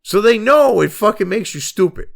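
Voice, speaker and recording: A high-pitched, gravelly, expressive voice at normal speed belongs to a middle-aged commentary host who rants about the news with anger, sarcasm, and constant cursing.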